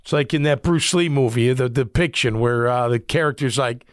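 A man's voice: mid-range voice, moderate pace, no room sound, clean studio sound. A middle-aged man, a former football player, giving casual sports commentary in a blunt, rambling way with lots of fillers.

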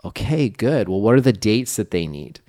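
A man with a fairly low voice co-hosts a coaching podcast. He talks in a casual, emphatic way and acts out short sample dialogues to make his points. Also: sing-song, normal speed, mellow. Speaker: podcast co-host, real estate coach.

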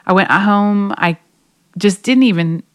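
A woman's voice: mid-range voice, measured pace, no room sound, studio quality. A woman singer, a guest, earnestly telling a personal story in a faith podcast conversation, with many fillers.

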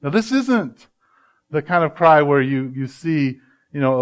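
A man, a pastor, preaching a sermon with emphatic swings from loud to hushed and slowing down to stress words. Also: medium pitch, highs cut off.

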